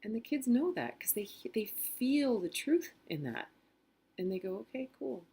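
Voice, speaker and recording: A middle-aged woman telling a personal story in a gentle, reflective way, acting out quotes softly. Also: medium pitch, very animated, unhurried, husky. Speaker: author and spiritual teacher.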